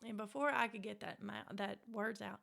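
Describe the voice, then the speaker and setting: A middle-aged woman with a Mississippi Southern accent, an author telling family stories in a casual interview, animated and quick to act out voices. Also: mid-range voice, vocal fry. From Mississippi Delta. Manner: animated, acts out quoted voices, laughs often. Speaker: author, guest.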